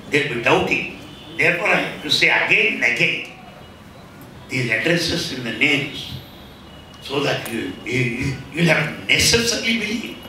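An emphatic man with an Indian English accent tells a devotional story, hammering his points home again and again. His voice is bright and forceful. He is heard from a distance in a very echoey hall, with faint room noise behind him. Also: fairly high pitch. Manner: emphatic, repetitive, lecturing. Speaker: spiritual speaker. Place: large hall.

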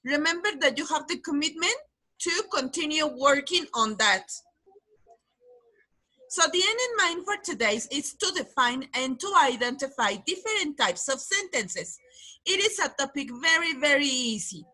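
Woman, English teacher, high voice, patient, video call. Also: lively intonation, pushed and bright. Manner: patient, explains slowly, repeats key words. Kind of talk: online class lesson.

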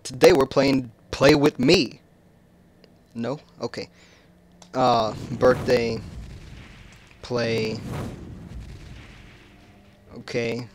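A man narrating his own playthrough of a horror game, joking and swearing in a slow, drawn-out way. He jumps into sharp yelps when something startles him. A faint hiss sits under the recording. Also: mid-range voice, fairly even intonation. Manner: casual, joking and cursing, jumpy, bursting into loud yelps. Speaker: gaming channel host. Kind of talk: horror game let's play commentary.

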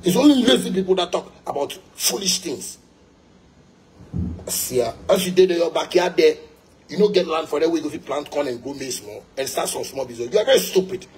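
A man's voice: a little high, lively intonation, fairly quick. Ranting man with a Ghanaian Pidgin accent. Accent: Ghanaian English with Pidgin. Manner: heated, repetitive, insulting, loud bursts. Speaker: musician ranting. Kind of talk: angry rant.

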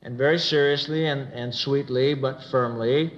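A man's voice: mid-range voice, fairly even intonation, moderate pace, few pauses. A man speaking earnestly at a church gathering, telling stories and acting out quoted dialogue. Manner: earnest storyteller who acts out quoted dialogue. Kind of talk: religious talk with stories. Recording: dull lo-fi recording.

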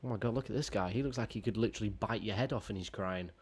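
A man's voice: fairly low pitch, racing, slightly rough. A man giving sarcastic, profane running commentary as he reacts to video clips.

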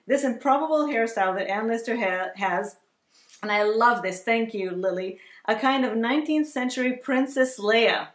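A woman's voice: fairly high pitch, normal speed. A woman co-hosting a vlog, chatting enthusiastically and reading viewer comments aloud. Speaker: vlog co-host. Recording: echoey room.

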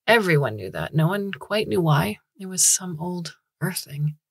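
A woman reads a story aloud in a measured, even way. Her voice sits low and husky, and the recording is close and dry with no room sound. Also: no room sound. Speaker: podcast story narrator. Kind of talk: scripted audiobook narration.

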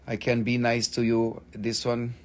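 A man hosts a live sales stream for crystals and mineral specimens. He talks with excitable enthusiasm and plenty of swearing as he pitches each piece. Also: measured pace. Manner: excitable, profane sales patter. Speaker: host selling crystals.

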